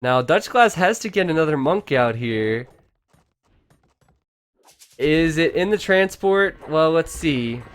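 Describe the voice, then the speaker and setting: A man giving casual, excitable commentary on a strategy game match, chatting to his viewers. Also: fairly high pitch, slow, long pauses, smooth. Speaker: game caster.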